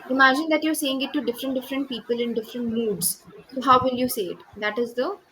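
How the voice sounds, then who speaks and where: A woman's voice: sits high, steady tone, quick pace, pushed and bright, a little hiss or hum, poor audio. A woman with an Indian English accent teaching an online English speaking lesson, explaining step by step and encouraging her student over a video call.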